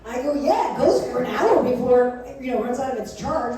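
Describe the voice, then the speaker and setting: A high-pitched woman performs bawdy stand-up at a club, acting out both sides of her stories and laughing at her own jokes, speaking at a moderate pace with hardly any pauses. The background is noisy, and she was recorded from far off in a very echoey club.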